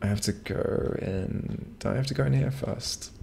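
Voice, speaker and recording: A man's voice: mid-range voice, normal speed, creaky, mellow, slight background noise. A man streaming a game on a home microphone, rambling casually with lots of swearing and restarts. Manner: rambling, profane, frequent restarts. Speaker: gamer streaming a playthrough. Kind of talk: casual gameplay commentary.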